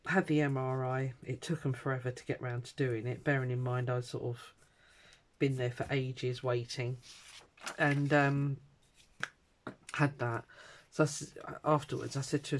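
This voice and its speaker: This crafting vlogger, a middle-aged woman with a bass voice, talks at normal speed as she meanders through a personal story in casual conversation. She animatedly voices the people she quotes, and there's slight background noise.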